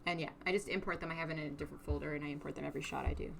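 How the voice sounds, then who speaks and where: A woman's voice: deep voice, steady tone, rapid-fire, creaky. A woman hosting an animation livestream, chatting casually with guests and laughing often.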